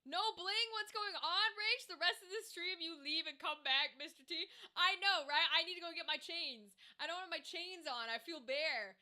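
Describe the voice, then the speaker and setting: High bright-voiced woman streaming, rambly and animated, swears a lot. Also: normal speed, hardly any pauses. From Irish background. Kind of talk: casual chat to a live stream.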